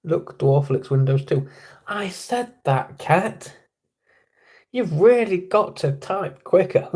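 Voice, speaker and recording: A man's voice: fairly high pitch, big pitch swings, takes it slowly, mellow. An English man hosting a casual livestream from home, rambling and self-deprecating as he chats with viewers. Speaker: livestream host. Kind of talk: casual live chat. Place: at home indoors.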